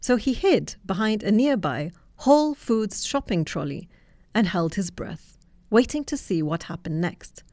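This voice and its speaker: A woman narrating a storybook tale in a steady, lightly wry way. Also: mid-range voice, unhurried, dry recording.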